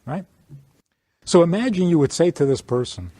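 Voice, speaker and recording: A man, a rabbi, giving an informal teaching talk to a small audience, speaking in an animated way and acting out little dialogues. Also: fairly high pitch, moderate pace, no echo. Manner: animated, plays out dialogues, chuckles.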